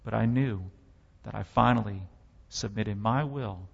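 Man preaching testimony, gravelly low voice, long hall reverb, muffled sound. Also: a little slow. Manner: impassioned storytelling with dramatic swells. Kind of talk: sermon testimony.

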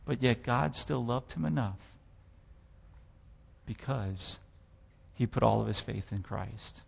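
A man's voice: mid-range voice, slow pace, gravelly, slightly rough, big-room sound, dull audio. A man giving a sermon testimony, telling his story with impassioned, dramatic swells.

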